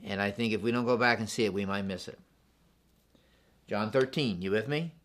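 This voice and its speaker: A man's voice: fairly low pitch, normal speed, fairly bright tone. A man preaching a sermon in a church, earnest and repetitive, often asking the congregation questions. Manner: earnest, asks the congregation questions, repeats phrases. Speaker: pastor.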